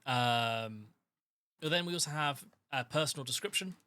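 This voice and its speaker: A man with a bright, forceful voice runs a tabletop horror game as game master. He explains rules and character sheets at a middle pitch, pausing often with ums. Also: no room sound. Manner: hesitant, lots of ums.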